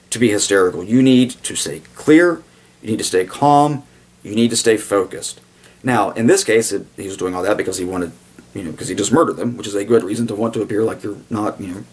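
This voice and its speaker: A man's voice: lowish voice, breathy edge. A man giving a blunt, digressive video commentary, with sarcastic asides and sudden mock voices for the people he quotes. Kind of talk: casual commentary monologue.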